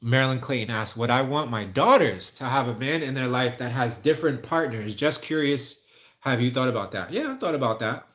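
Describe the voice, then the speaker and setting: A man's voice: medium pitch, expressive, brisk, a bit bright. Casting: man streamer, casual and candid, rambling answers to viewers. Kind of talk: casual livestream chat.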